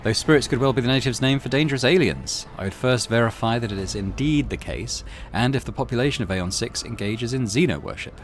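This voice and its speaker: Measured, polite male hero, voiced by the narrator. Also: mid-range voice, natural voice.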